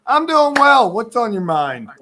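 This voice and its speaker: A man's voice: extremely high pitch, sing-song, measured pace, sharp tone. A man hosting a casual live sports stream, chatty and rambling, laughing often, who says his voice is going.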